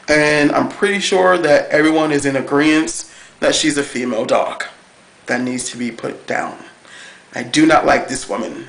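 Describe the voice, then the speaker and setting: Gushing excitable man in an echoey room. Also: medium pitch, gravelly. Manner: gushing, excitable, lots of fillers. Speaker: TV review vlogger. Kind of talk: casual chat review.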